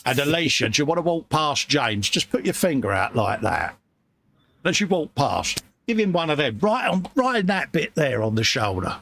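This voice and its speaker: Man, casual livestream host, matey and chatty, gravelly, bright edge, faint background noise. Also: a little high, big pitch swings, normal speed. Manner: chatty, matey, reads out viewer messages. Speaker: livestream host reading chat.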